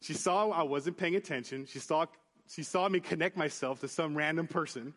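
A man's voice: a little high, moderate pace. A man preaching a sermon, telling a personal story in an earnest, conversational way with many restarts. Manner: earnest storytelling, rising into animated retelling with acted voices. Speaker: pastor.

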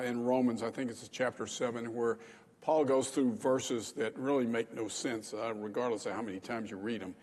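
A man's voice: fairly low pitch, darkish tone, husky, in a large hall. A man preaching a sermon as pastor, talking in a conversational way with frequent fillers.

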